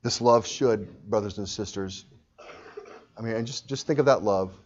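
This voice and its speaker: A man preaching a sermon with passion, his voice swelling loud at high points. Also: moderate pace, lo-fi sound. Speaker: pastor.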